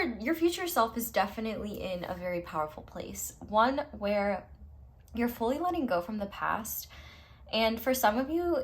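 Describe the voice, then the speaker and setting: A woman tarot reader speaking straight to her viewers in a pick-a-card reading, reassuring and affirming. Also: mid-range voice.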